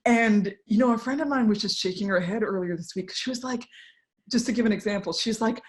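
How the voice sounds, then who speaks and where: A woman's voice: mid-range voice, brisk. A woman giving a talk to an online audience from home, candid and conversational, with fillers and asides, voicing the people she quotes. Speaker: invited speaker.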